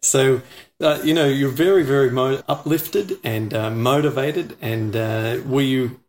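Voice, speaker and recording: A man's voice: medium pitch, a little slow, slight background noise. A man hosting an interview, enthusiastic and encouraging. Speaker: host. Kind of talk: casual interview.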